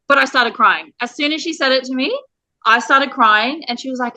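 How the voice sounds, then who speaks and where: A woman's voice: high-pitched, a little fast, pushed and bright, highs cut off. A woman from Australia, a parent telling her story in an interview, earnest and emotional with the odd laugh. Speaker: parent guest.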